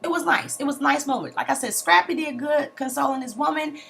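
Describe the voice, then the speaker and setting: A young woman recapping a reality TV episode in a sassy, animated way, full of slangy asides and mock outrage. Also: high-pitched, fast talker, gravelly. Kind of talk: casual recap commentary.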